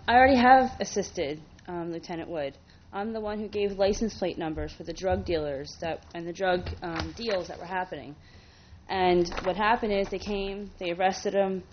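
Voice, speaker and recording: A woman's voice: fairly low pitch, fairly even intonation, moderate pace, highs cut off, slight background noise. A woman speaking as a resident at a town council meeting, emotional and indignant, talking in run-on bursts at a podium microphone. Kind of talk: public comment at a council meeting.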